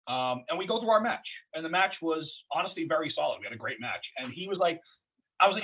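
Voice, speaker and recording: Fast-talking, husky-voiced man telling wrestling stories. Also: a little high. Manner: profane, rambling, animated storyteller. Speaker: wrestler guest. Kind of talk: casual storytelling interview. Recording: dull lo-fi podcast audio.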